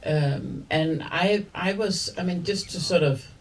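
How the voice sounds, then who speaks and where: A woman's voice: fairly low pitch, a little slow, far from the mic. A woman from Denmark, a film director talking at a screening in a cinema hall, rambling and self-mocking, often laughing. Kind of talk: guest talk after a screening.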